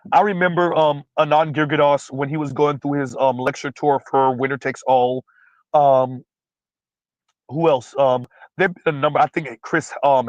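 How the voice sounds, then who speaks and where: A man's voice: medium pitch, dry recording, low-quality recording. A man hosting a livestream, speaking bluntly and emphatically, repeating his points, and stumbling over fillers while he recalls names. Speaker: livestream host. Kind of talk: casual livestream commentary.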